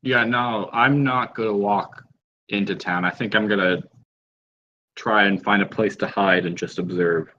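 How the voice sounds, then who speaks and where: A man playing a tabletop game, speaking slowly and hesitantly. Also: on the low side, fairly even intonation, bright, forceful tone, muffled recording. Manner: slow, hesitant, trailing off. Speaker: player. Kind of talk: casual tabletop play.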